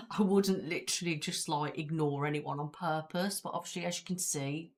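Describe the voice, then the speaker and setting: A woman's voice: sits low, steady tone, normal speed. A woman with a British accent, hosting a casual live-stream chat, rambling and reading viewer comments aloud from her chair at home. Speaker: ASMR channel host.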